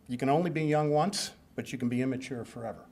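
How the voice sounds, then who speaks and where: A man's voice: mid-range voice, quick pace, noisy background. Joking, rambling older man giving a speech. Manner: joking, self-deprecating, rambling. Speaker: hall of fame inductee giving a speech. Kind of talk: banquet acceptance speech.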